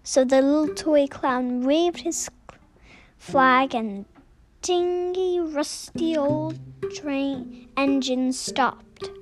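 A woman reading a children's picture book aloud, slow and expressive. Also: sits high. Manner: slow, expressive, sing-song. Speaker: storybook reader.

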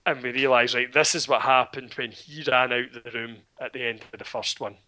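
Scottish male podcaster with a crisp, bright voice; wry, profane storyteller. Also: mid-range voice, a little fast, a little hiss or hum. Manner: sardonic, swearing, animated storytelling. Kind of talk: casual film recap chat.

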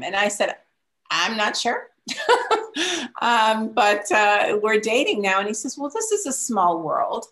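Chatty older woman telling a story. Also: fairly bright tone. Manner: chatty, laughs often, voices quoted people with lifted pitch. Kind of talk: casual storytelling.

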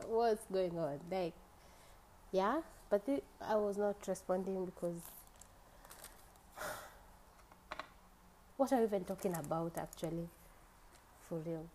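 A woman's voice: on the low side, a little mellow, a little hiss or hum, poor audio. A young woman with a Kenyan accent, hosting a podcast and telling a story in a chatty way. She mixes English with Swahili slang and laughs often. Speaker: podcast host. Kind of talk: casual storytelling.

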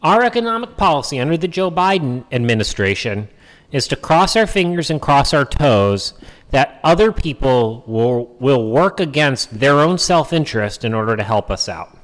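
A man's voice: mid-range voice, big pitch swings, moderate pace, fairly bright tone, in a large hall. A man hosting a political podcast, talking in a wry, sarcastic, rambling way. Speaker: podcast host.

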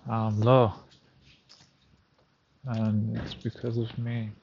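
A man's voice: on the low side, completely flat delivery, drawn-out words, gravelly, dull audio, a little hiss or hum. A man talking to himself on a night walk outdoors, recounting a story in a reflective, casual monologue. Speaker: vlogger.

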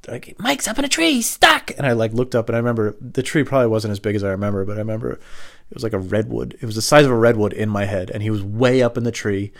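A man with a low, gravelly voice tells rambling comic stories from his past. His delivery is deadpan and loose, with a rough edge running through his speech. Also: fast. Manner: deadpan, rambling, acts out high squeaky voices for others. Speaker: comedian. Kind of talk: rambling storytelling monologue.

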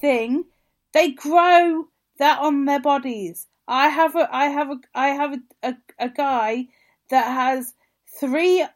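A woman with a high voice chats on a gaming podcast. She tells her stories in a lively, animated way. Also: slow pace. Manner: chatty, animated storytelling. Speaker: podcast co-host. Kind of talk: casual chat.

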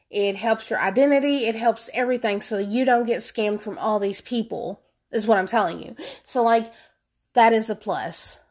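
Emphatic woman with a lilt. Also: fairly high pitch. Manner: animated and emphatic, addresses viewers as y'all. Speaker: vlogger. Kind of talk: casual storytelling to viewers.

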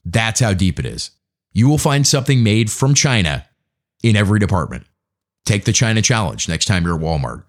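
A man's voice: lowish voice, big pitch swings, a little fast. An American man hosting a podcast, delivering a profane, conversational opinion rant. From United States. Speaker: podcast host. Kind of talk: opinion monologue.

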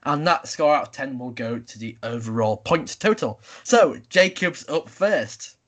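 A man's voice: medium pitch, expressive, measured pace, a bit bright. A young man hosting a casual podcast chat, running a quiz game in an upbeat, announcing way. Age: young adult. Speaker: podcast host.

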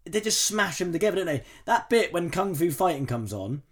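A man with a high voice that leaps all over its range, chatting casually on a film review podcast. He swears freely, laughs often and keeps breaking into mocking impressions. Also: sing-song, a little fast, a bit bright. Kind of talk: casual chat.

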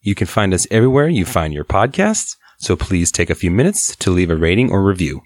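A man producing a podcast, reading its outro in a brisk, even delivery. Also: deep voice, no room sound. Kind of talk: read outro.

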